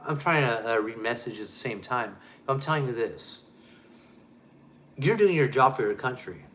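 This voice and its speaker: A man's voice: medium pitch, a little hiss or hum. Man ranting emphatically, repeating himself. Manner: emphatic, repetitive, keeps addressing listeners directly. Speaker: show host. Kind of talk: ranting monologue.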